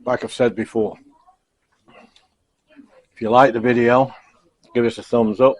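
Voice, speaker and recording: A middle-aged man giving a casual, rambling sign-off to camera from a home kitchen, halting with lots of fillers, chuckling and self-deprecating. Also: medium pitch, level tone, no echo. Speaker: cooking vlogger. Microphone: camcorder.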